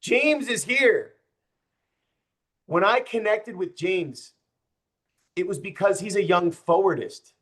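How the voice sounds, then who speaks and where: A man's voice: high voice, unhurried. A young man, a political candidate, speaking passionately and with open frustration to a group, addressing the audience directly. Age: young adult. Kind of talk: campaign speech to a group.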